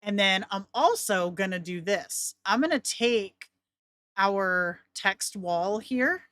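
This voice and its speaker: A woman's voice: medium pitch, lively intonation, slow pace, a bit bright, no room sound, clean studio sound. A woman hosting a casual screen-share tutorial, chatty and rambling, laughing often. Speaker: tutorial host.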